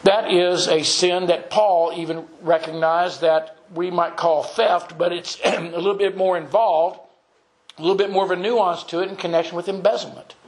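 A man preaching a sermon in an earnest, measured way, reading and explaining scripture. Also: high voice, fairly even intonation, rough recording.

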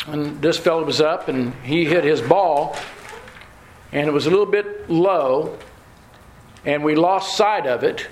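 Male preacher, homespun chuckling storyteller, high voice, echoey room with faint hiss. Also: a little slow. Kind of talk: sermon with folksy storytelling. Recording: roomy hall with faint ambience.

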